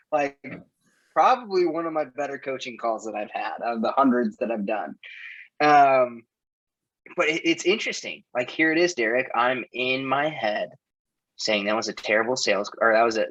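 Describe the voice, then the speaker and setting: A man's voice: mid-range voice, fairly bright tone, muffled recording. A man who coaches, chatting as a podcast guest and telling an open, emotional story. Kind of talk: casual chat.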